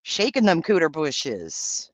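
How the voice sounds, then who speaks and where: A man's voice: a little high, huge pitch swings, slow pace, dry recording. A man hosting a livestream, reading out and answering viewer comments in brash, profane, campy banter. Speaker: livestream host.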